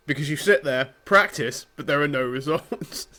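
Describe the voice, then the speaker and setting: A man's voice: a little high, moderate pace, pushed and bright. A man co-hosting a podcast in casual banter, with dry, self-deprecating humor. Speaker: podcast co-host.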